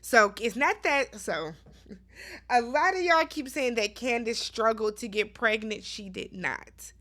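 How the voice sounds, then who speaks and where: A woman's voice: on the high side, lively intonation, slow, bright, forceful tone. Chatty woman recapping reality TV. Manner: chatty, conversational, addresses viewers directly. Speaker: recap vlogger. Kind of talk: casual TV recap commentary.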